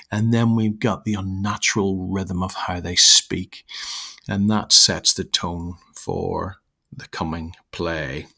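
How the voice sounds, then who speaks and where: A croaky male teacher talks through a lesson, breaking off and restarting as he explains. His voice sits low and carries a gravelly edge. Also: bright, forceful tone. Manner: explanatory, with frequent fillers and restarts. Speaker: English teacher. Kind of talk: recorded lesson explaining a play.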